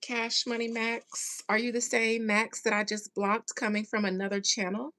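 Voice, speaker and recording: A woman's voice: on the high side, little pitch movement, sharp tone. A woman host giving a casual commentary rant to her viewers, sarcastic and slangy, leaning hard on key words. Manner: emphatic, sarcastic, drawn-out stresses on key words; loose slangy speech with mild profanity. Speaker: channel host.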